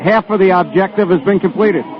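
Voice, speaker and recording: Radio sports reporter guy, high voice, muffled am radio sound. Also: fairly quick. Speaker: field reporter. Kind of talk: baseball radio commentary and interview.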